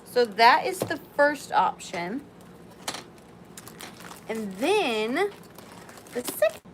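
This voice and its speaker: A woman hosts a live-stream sale in a chatty, excitable way. Her voice sits on the higher side, and she takes her time between bursts of talk. Faint noise hums behind her. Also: extremely slow, rough recording. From Southern US. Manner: chatty and excitable, talks to viewers by name.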